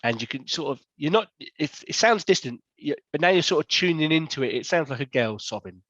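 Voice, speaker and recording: Rambling game master, dull dry audio. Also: male voice, fairly high pitch, animated, a little fast, a bit bright, dry recording. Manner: rambling, self-correcting description. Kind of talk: narrating a tabletop game.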